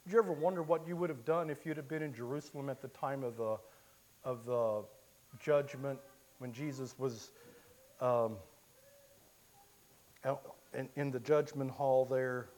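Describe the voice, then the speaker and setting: A man preaching a sermon, telling the story in the first person and swinging from hushed, quiet lines to loud, impassioned cries. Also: medium pitch, steady tone, measured pace, pauses often.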